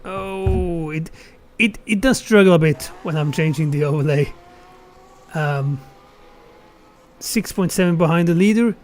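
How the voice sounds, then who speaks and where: A man's voice: a little high, a little slow, long pauses, a little mellow. A man giving casual live commentary on a sim racing qualifying session, thinking aloud and correcting himself as he goes.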